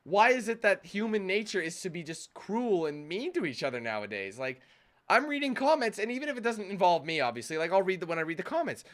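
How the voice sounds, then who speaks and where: A man's voice: sits high, sing-song, quick pace, a bit bright. A young man hosting a gaming channel, ranting casually to his viewers with many restarts, acting out their voices in exaggerated tones. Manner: rambling with many restarts and "you know what I mean". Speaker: YouTube gamer channel host. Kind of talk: casual rant to camera.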